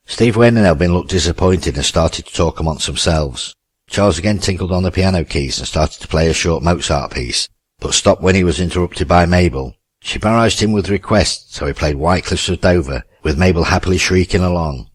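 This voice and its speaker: A man reading a novel aloud in a steady, measured narration on a close mic. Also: sits low, slightly rough, no echo. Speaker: audiobook narrator. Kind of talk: scripted narration.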